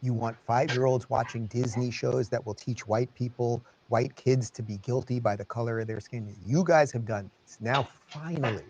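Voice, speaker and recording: A man hosting an opinion commentary show, speaking in a sarcastic, animated way. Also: mid-range voice, moderate pace, hardly any pauses, muffled recording, background noise.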